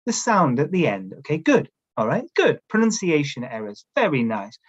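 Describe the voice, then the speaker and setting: Leading a teacher-training webinar over a video call camera, a man speaks at a moderate pace in a slightly high, slightly rough voice with big pitch swings. The audio is lo-fi, and he coaches his audience through instructions, often asking "all right?"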